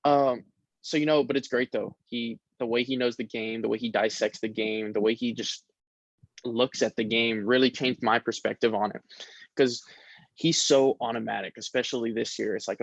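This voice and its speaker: A young man, a college football player, talking casually in an interview, relaxed and rambling with many fillers. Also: medium pitch, fairly quick, no echo. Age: young adult. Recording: dull lo-fi sound.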